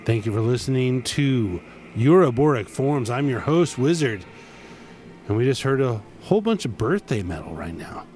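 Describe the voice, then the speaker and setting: A man hosting a radio show in casual disc jockey patter, chatty with wry asides and quick self-corrections. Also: mid-range voice, very animated, a little mellow. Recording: music playing under the voice. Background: music.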